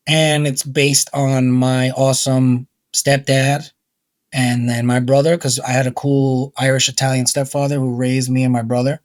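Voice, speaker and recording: A man's voice: medium pitch, level tone, moderate pace, no room sound. A middle-aged man from New York, a guest author, chatting casually and rambling with lots of fillers. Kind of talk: casual conversation.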